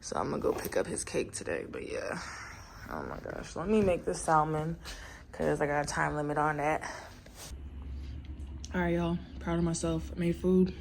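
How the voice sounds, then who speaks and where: Gravelly young woman vlogging. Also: deep voice, expressive, moderate pace, pauses often, slight background noise. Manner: rambling, venting with casual slang. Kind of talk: casual vlog chat.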